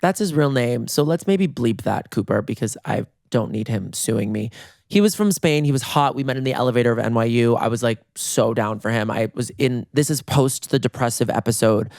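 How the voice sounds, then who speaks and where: A man in his thirties hosting a podcast from his bedroom, telling funny stories in a lively way, jumping into high voices when acting out scenes. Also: a little fast, vocal fry, no room sound, studio quality. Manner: animated, acts out voices with big jumps in pitch. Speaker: podcast host. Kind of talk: comedic storytelling.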